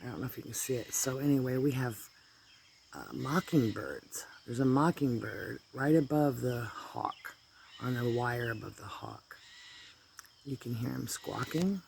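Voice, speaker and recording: A man's voice: medium pitch, animated, a little slow, creaky, a little mellow, slight background noise. A man with an allergy-stuffed voice chatting casually and rambling while filming outdoors in his garden on a phone. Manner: rambling, easygoing, drifts into asides. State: congested from allergies. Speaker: vlogger. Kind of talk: casual chat.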